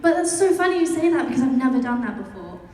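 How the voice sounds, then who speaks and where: A woman's voice: sits high, very animated, quick pace, warm tone. Young British woman, chatty panel guest with frequent laughs; recorded from far off in an echoey convention hall. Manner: chatty, laughs often, many fillers. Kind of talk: answering fan questions.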